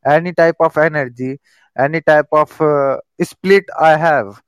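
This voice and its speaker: A man joins a live stream as a guest and talks eagerly in halting, broken English full of fillers. His voice is smooth and clear and a little high for a man. The sound is dry and close. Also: no room sound. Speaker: guest caller. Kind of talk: casual chat.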